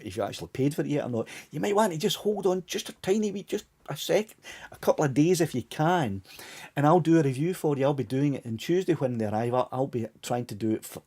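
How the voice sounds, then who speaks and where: A man's voice: medium pitch, mellow, husky. A Scottish man of about sixty hosting a casual live stream chat, rambling along with many restarts and little chuckles while his voice tires. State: voice tiring, fading.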